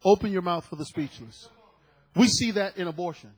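A man preaching a sermon, moving between quiet, low asides and loud, shouted peaks. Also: fairly quick, husky, poor audio.

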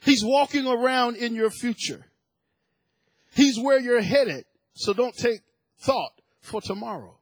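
A man's voice: very high voice, slow, slightly rough, no room sound. A man preaching a sermon to his church, building to emphatic bursts and repeating words as he goes. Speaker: pastor.

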